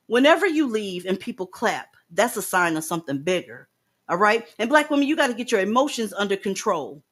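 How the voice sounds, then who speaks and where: A woman hosting a commentary show speaks bluntly, lecturing her audience. Her voice sits at a middle pitch, and she drops in profanity freely. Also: very animated, fairly quick. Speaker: commentary host. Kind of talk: casual commentary.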